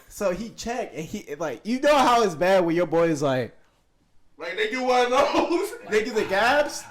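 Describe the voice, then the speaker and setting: A young man in his twenties co-hosts a podcast, his high, sing-song voice moving at a moderate pace. He tells a story in casual, profane slang and laughs often.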